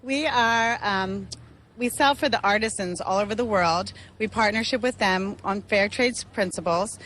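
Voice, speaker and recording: A woman selling fair-trade goods at a market, giving a friendly, persuasive pitch to a reporter. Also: normal speed, fairly bright tone, slight background noise. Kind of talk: upbeat sales pitch. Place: outdoor market.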